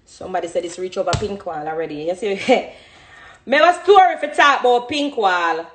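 A woman's voice: medium pitch, moderate pace, a little hiss or hum. A Jamaican woman in her thirties chatting casually on a phone live stream, reading out comments from viewers. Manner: chatty, reads out comments, animated.

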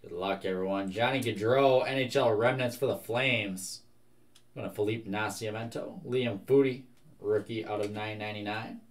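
A young man hosting a live card break, reading out one card after another in a brisk, casual way. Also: fairly low pitch, steady tone.

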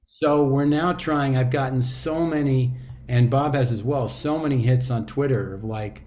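A man in his sixties, an audiobook narrator and actor, chatting as a guest in a relaxed, reflective way with loose fillers and restarts. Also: mid-range voice, moderate pace, few pauses, slight background noise. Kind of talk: casual interview chat.

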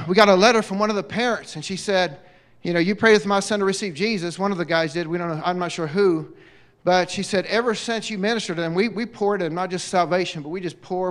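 High, smooth-voiced preacher telling stories. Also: male voice, a bit bright. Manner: storytelling, frequent amens, many fillers and restarts. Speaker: guest preacher. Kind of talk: sermon. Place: church sanctuary.

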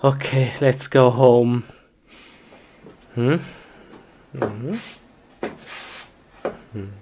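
A woman voicing a comedy skit, chattering to herself in broken English, giggling and breaking into sudden high-pitched squeals of panic. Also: steady tone, extremely slow, warm tone, slight background noise.

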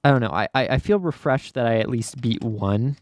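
A man chats through his gameplay in a casual, excitable way, often stammering and thinking aloud. His voice sits at a middle pitch. The sound is dry and close, with keyboard typing in the background. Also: a little fast, no echo. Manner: talks to himself, stammers, excitable. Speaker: gaming YouTuber.

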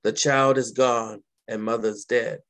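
A man, a poet, reading his poems aloud in a slow, dramatic, deliberate way with long pauses. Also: mid-range voice, fairly even intonation, a bit bright. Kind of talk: poetry reading.

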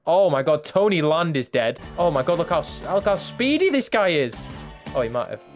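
A man's voice: on the high side, very animated, moderate pace, soft background music. A young man giving crude, sarcastic gameplay commentary full of swearing. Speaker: gaming YouTuber.

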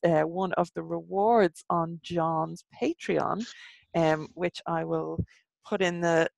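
A woman's voice: lowish voice, gravelly, no room sound. An Irish woman hosting a podcast interview, talking in a frank, wry way and laughing easily. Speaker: podcast host. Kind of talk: casual interview chat.

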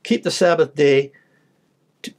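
Male preacher, pitch a touch high, reads verses then explains them plainly. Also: a little slow, a little mellow. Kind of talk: sermon with scripture reading.

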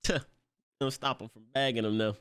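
A young man hosting an anime reaction video, talking in excitable, slangy, profane bursts, often laughing and yelling. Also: mid-range voice, fairly quick, smooth. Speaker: anime reaction channel host.

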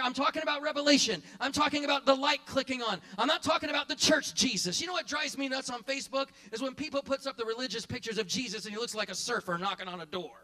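A male pastor preaching a sermon in church, repeating his phrases and building to shouts, then dropping into quick quiet asides. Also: very high voice. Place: church sanctuary.

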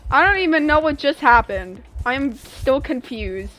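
Bright-voiced young woman streaming a game. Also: high-pitched, a little slow, low-quality recording. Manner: expressive, exasperated outbursts while playing. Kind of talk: casual live game commentary.

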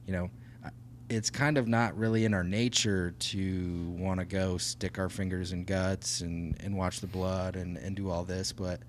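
A man's voice: low voice, little pitch movement, a little slow, slight background noise. A man co-hosting a podcast, talking in an earnest, reflective way and thinking aloud. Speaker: podcast co-host. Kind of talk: casual podcast conversation.

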